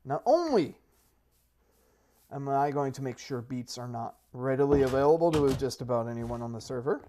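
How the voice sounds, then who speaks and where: A man with lively intonation talks at normal speed against a noisy background. As a Minecraft server player and video creator, he delivers rambling, self-deprecating commentary full of restarts, hyping his plans in mock sales-pitch mode.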